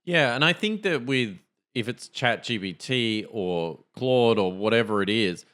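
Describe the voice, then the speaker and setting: A man's voice: mid-range voice, lively intonation, unhurried, a bit bright. A man co-hosting a podcast in casual tech chat, sounding skeptical and hesitant, often restarting his sentences. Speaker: podcast co-host.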